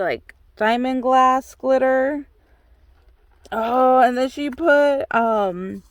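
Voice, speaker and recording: An American woman with a slightly high voice runs a craft channel, and in this dry recording she opens a swap package, gushing over every item with nonstop exclamations in an excited unboxing chat.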